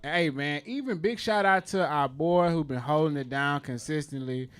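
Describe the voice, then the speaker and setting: A man co-hosting a casual podcast, joking and laid-back as he talks sports and gives shout-outs. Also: a little high, normal speed, clear, resonant tone.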